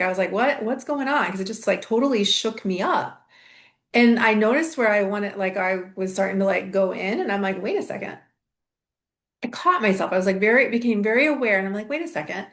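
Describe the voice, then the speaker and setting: A woman's voice: mid-range voice, brisk, a bit bright. A middle-aged woman hosting an astrology channel, talking through a reflective spiritual monologue in a meandering way, with many restarts and fillers.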